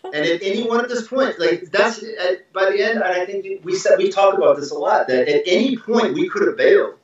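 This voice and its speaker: Man, middle-aged, animated storyteller, emphatic asides, slightly high voice, very echoey room, dull lo-fi sound. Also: a little fast, recorded from a distance. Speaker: husband telling their story. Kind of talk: casual conversational storytelling.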